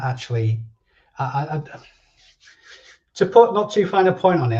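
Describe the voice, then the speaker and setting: A man hosts a loose live stream chat, answering viewers as he goes. His voice is mellow and low in the treble, and the stream audio sounds a little dull and lo-fi. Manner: chatty, answers viewer comments and drifts between thoughts.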